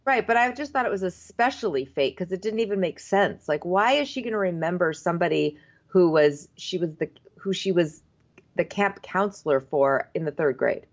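A woman's voice: lowish voice, expressive, normal speed, dull audio. A woman co-hosting a casual chat, giving blunt, exasperated opinions. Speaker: podcast co-host. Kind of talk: casual chat recapping a TV show.

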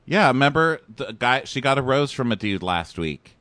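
Lively-voiced joking male podcast host. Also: medium pitch, moderate pace, no room sound. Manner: joking, acts out quotes in put-on voices. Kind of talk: casual show recap chat.

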